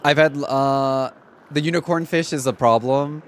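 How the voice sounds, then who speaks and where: A young man streaming a game, chatting casually in an excitable, dramatic and sarcastic way. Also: medium pitch, a little slow, slight background noise. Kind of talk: casual gaming livestream chat.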